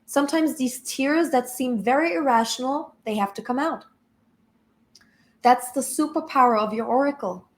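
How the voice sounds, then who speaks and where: A woman's voice: high-pitched, normal speed. A woman spiritual coach giving an emphatic, blunt motivational talk with casual swearing.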